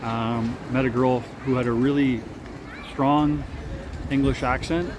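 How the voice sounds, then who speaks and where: A Canadian man talks through a casual travel vlog at an everyday pitch, rambling along with plenty of ums and uhs. He records outdoors and from a car, with street and traffic noise clearly audible behind him. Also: steady tone, slow. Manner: chatty, rambling, with frequent fillers. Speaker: travel vlogger.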